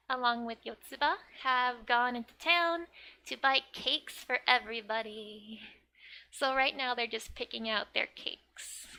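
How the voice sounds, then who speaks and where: Slow, bright woman explaining manga. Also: a little high, gravelly. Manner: chatty, many "like" fillers, laughs often. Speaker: Japanese teacher. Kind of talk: casual manga lesson.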